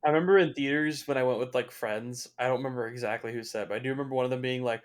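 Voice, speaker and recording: A man's voice: mid-range voice, rapid-fire, few pauses. A young man talking through a film as a casual watch-along commentary, swearing freely and reacting with open emotion. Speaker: movie reviewer.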